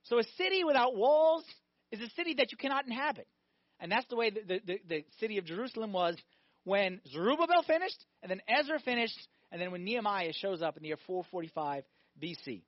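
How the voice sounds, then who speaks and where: A man preaching a lively sermon as a priest, often asking his listeners questions. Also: high voice, fast talker, no room sound. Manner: animated, asks the congregation questions. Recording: dull, dry recording.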